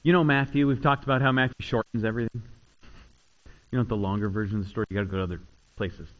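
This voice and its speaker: A man preaching a sermon, swinging between loud, rising retellings and quiet, low asides. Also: fairly even intonation, fast, dull audio. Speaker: pastor.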